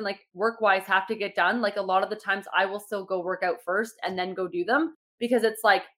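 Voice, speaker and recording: A woman's voice: mid-range voice, fairly bright tone. A young woman coaching her fitness clients in casual podcast talk, upbeat and encouraging, with many fillers. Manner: chatty, says "like" a lot.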